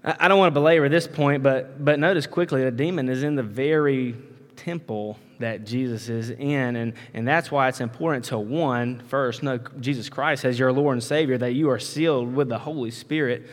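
A man's voice: mid-range voice, normal speed. A man preaching a sermon in a conversational way, repeating words, with frequent "right?" asides and folksy emphatic turns of phrase. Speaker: pastor. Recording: long reverb of a large hall.

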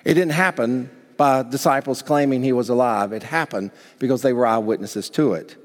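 A man's voice: medium pitch, moderate pace. A male pastor preaching a sermon, talking conversationally and asking the congregation rhetorical questions. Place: church sanctuary. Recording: long hall reverb.

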